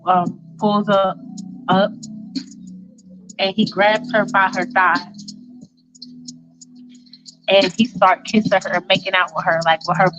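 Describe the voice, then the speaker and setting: A woman's voice: mid-range voice, highs cut off. Chatty woman telling a spicy story. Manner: chatty, repetitive, talks straight to listeners. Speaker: storyteller, show host. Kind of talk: casual fan-fiction storytelling.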